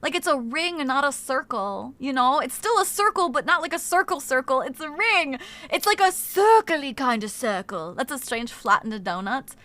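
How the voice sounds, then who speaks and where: A woman streamer chatting casually on a live stream, talking in an excitable, animated way, swearing freely and reading her chat aloud. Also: high-pitched, moderate pace, hardly any pauses. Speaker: game streamer.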